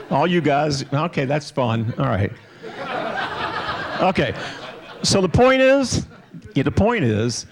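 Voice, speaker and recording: A man's voice: mid-range voice, creaky. A man in his sixties giving a candid, joking keynote speech at a conference. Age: 60s. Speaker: keynote speaker.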